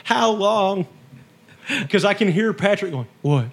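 Lively laughing man in casual chat. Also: high voice, a little slow, gravelly. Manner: jokey, laughs often, animated storytelling. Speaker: podcast co-host.

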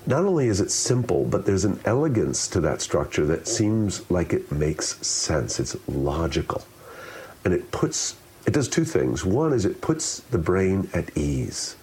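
A man's voice: low-pitched, a little slow, a little hiss or hum. A man explaining public speaking as an interview guest, talking expressively and demonstrating different ways of saying things. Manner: expressive, demonstrates with shifting delivery.

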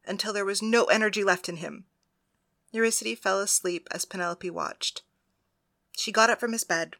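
A woman narrating an audiobook in a quiet, hushed storytelling manner. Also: mid-range voice.

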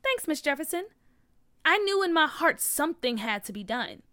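A woman's voice: sits high, big pitch swings, moderate pace, pushed and bright, pitched above the performer's own voice, exaggerated voice. A woman voicing a spirited, determined young schoolgirl activist in a storybook read-aloud. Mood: cheerful. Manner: eager, determined.

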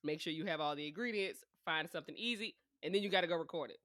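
A woman in her twenties chats on a podcast in a blunt, profane way, often breaking into laughs as she tells stories. Her voice is bright, and the studio sound is dry and close. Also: deep voice, fast, dry recording. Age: 20s. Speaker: podcast co-host. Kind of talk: casual chat.

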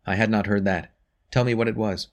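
An earnest young priest, guarded and measured, speaking with a deep voice. A man reads him aloud in an audiobook. His words come steady and careful. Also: natural voice.

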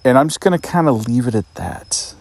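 Outdoors at a state park campsite, a man hosts a casual podcast, rambling and joking about life on the road. His mid-range voice is animated and brisk, with vocal fry and a darkish tone on a dry recording. He mocks himself and scolds his dog.

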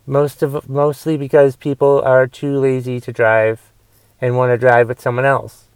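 Grumbling young man with a smooth voice. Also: medium pitch, little pitch movement, measured pace, no room sound. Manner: grumbling, rambling with restarts and swearing. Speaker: podcast host. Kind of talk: casual solo podcast rant.

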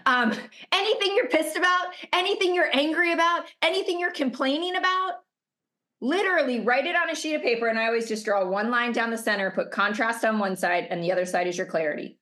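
Emphatic, fairly high-voiced woman coach. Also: fairly quick, fairly bright tone. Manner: emphatic, repeats rhetorical questions. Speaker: business coach. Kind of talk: motivational masterclass talk. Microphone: video call.

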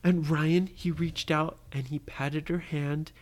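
A parent improvising a bedtime story for a child, expressive and pausing to ask the listener questions. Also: medium pitch.

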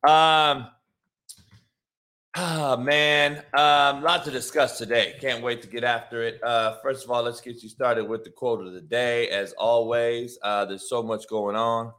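A man's voice: medium pitch, flat delivery, a little slow, bright, forceful tone. A man hosting a casual solo podcast, hyped and slangy, swearing freely. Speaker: podcast host.

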